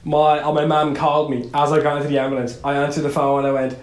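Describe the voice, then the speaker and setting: A man's voice: a little high, fast, echoey room. A young man co-hosting a podcast, telling a story in casual chat and acting out what others said. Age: young adult. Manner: animated storyteller, acts out quotes. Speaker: podcast co-host.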